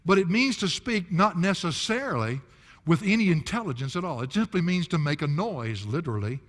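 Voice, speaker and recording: A man's voice: on the high side, animated, brisk, long reverb tail. An older man preaching an expository sermon, folksy and emphatic, with chuckling asides. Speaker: pastor.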